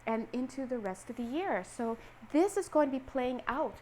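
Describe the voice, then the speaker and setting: A woman giving a casual tarot reading, animated and playful, acting out little scenes and laughing often. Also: high-pitched, normal speed, a little hiss or hum. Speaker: tarot reader.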